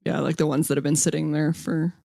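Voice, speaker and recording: A woman's voice: low-pitched, little pitch movement, quick pace, gravelly, dark tone. A woman podcast host asking questions in a casual, reassuring way with plenty of fillers. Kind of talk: casual interview chat.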